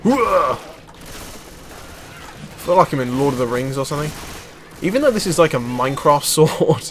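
A man giving casual let's play commentary as a gaming YouTuber, chatty and excitable, exclaiming at enemies and laughing. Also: fairly high pitch, fast talker, slight background noise.

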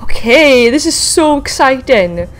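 A woman hosting a casual game video, chatting excitedly to viewers and talking to the creatures she meets. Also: high voice, measured pace. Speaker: gaming video host. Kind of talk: casual let's-play commentary.

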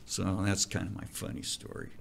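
A middle-aged man, a commercial diving instructor, telling stories in a casual interview, animated and profane. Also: low voice, moderate pace, gravelly. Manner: animated, profane, vivid storyteller.

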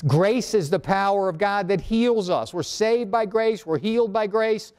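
A man's voice: high voice, measured pace, darkish tone, clear, resonant tone. A male pastor preaching a sermon, firing questions at the congregation and making sarcastic asides. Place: church.

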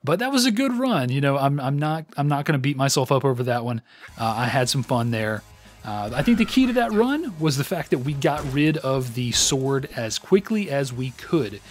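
A man's voice: mid-range voice, big pitch swings, normal speed, faint music behind. Self-deprecating man commenting on gameplay. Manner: self-deprecating, rambling with many fillers. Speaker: let's play host.

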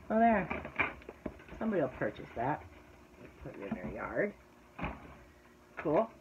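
A woman's voice: lowish voice, narrow, tinny audio, background noise. Chatty woman unboxing a craft haul. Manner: rambling, talks to viewers, slips into an exasperated rant. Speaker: craft vlogger and shop owner.

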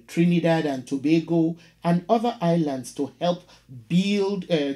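A man hosting a history channel, narrating a lesson and reading a poem in a measured way with pauses. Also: a little high, mellow. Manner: measured, with pauses and some stumbles. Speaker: host of an educational history channel.

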